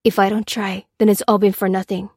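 A woman's voice: mid-range voice, little pitch movement, fairly quick, darkish tone, breathy edge, no echo, clean studio sound. A woman voicing a determined soldier major. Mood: urgent. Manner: clipped, urgent commands.

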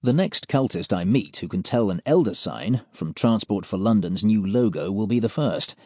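A man reading a first-person story aloud in a wry, deadpan way, close to a studio mic. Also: fairly low pitch, normal speed, dry recording. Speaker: audiobook narrator. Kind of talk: scripted first-person narration.

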